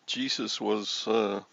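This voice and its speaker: A man's voice: fairly low pitch, gravelly, a bit bright, dull audio. A man in his sixties hosting a reseller livestream, rambling and joking as he answers chat comments. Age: 60s.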